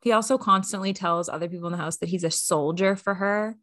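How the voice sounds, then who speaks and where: A woman's voice: medium pitch, fast, a bit bright, no echo, studio quality. A woman hosting a podcast, chatting casually and upbeat with lots of fillers. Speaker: podcast host. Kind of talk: casual recap chat.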